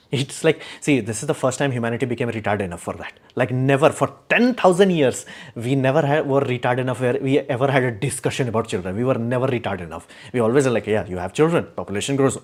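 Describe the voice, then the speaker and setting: A man hosting a casual livestream, blunt and opinionated, rambling with many fillers as he answers chat. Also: medium pitch.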